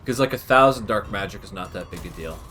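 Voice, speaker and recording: A man's voice: fairly low pitch, animated, quick pace, bright, forceful tone, faint music behind. A young man, chatting casually over strategy gameplay and drifting into long tangents. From Canada. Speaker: gaming channel host.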